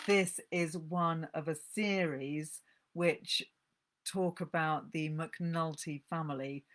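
A woman giving an enthusiastic, chatty talk on books to a live audience. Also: deep voice. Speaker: speaker giving a book talk.

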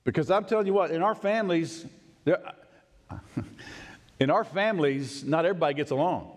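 A male pastor preaching a sermon in a folksy, animated way, swinging from excited high bursts to low, quiet emphasis and laughing often. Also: moderate pace. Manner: folksy, laughs often, acts out his own past words. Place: church sanctuary. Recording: long reverb of a church sanctuary.

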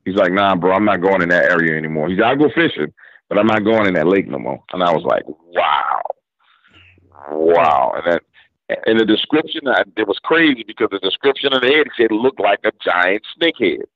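Lowish-voiced New Orleans man telling stories. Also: expressive, fast, a bit bright, no room sound. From New Orleans, Louisiana. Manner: retells story with quoted back-and-forth dialogue, drawling casual slang. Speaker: guest storyteller. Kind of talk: casual storytelling interview. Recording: dull lo-fi radio audio.

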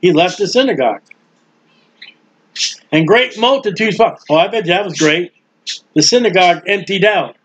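A man preaching a sermon in a folksy, emphatic way, drawling key words slowly and acting out the people he quotes. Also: sits high, expressive, a bit bright, slightly rough. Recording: dull lo-fi sound.

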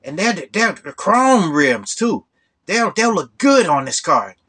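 Man putting on a high, gushing hustler voice, slow eager sales pitch, grinning con man, told story. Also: sing-song, a bit bright, breathy edge, exaggerated voice. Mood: persuasive. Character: overly cheerful smooth-talking male hustler.

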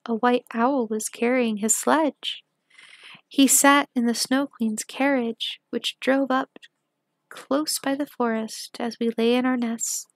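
A woman's voice: on the high side, fairly even intonation, slow, no echo. A woman voicing a wood pigeon in a storybook reading, cooing in a sing-song way. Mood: solemn.

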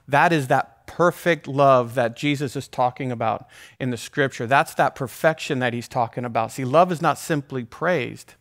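A pastor preaching a sermon in a conversational way, with side remarks and restarts. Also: male voice, mid-range voice.

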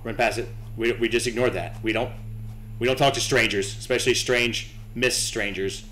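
A man's voice: mid-range voice, fairly even intonation, normal speed, pushed and bright, a little hiss or hum. A young man commentating his own horror game playthrough, nervous, swearing and talking to himself and to the game. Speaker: gaming channel host.

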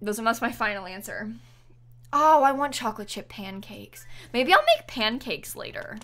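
A woman's voice: on the high side, expressive, normal speed, a bit bright. A young woman chatting on a live stream while gaming, giggly and apologetic, thanking viewers as she plays.

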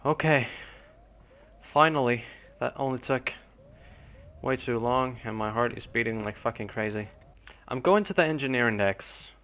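A man's voice: medium pitch, moderate pace, pauses often, a bit bright. A young man hosting a gaming channel, giving jumpy, nervous let's play commentary with lots of swearing.

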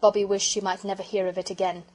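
A woman narrating a children's audiobook with expressive storytelling. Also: medium pitch, fast, husky, low-quality recording.

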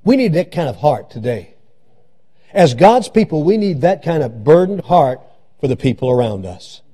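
A man's voice: on the high side, sing-song, moderate pace, dark tone, slightly rough. A male pastor preaching a sermon in a church, repeating and stressing his phrases. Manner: repetitive, emphatic preaching. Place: church sanctuary.

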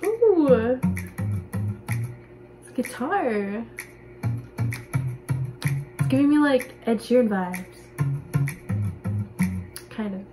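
Teenage girl, reaction vlogger, fairly high voice, excitable squeals, pop song playing clearly underneath. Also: drawn-out words, long pauses, low-quality recording. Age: late teens. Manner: gushing, excitable, breaks into squeals. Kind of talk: music reaction commentary. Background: pop music.

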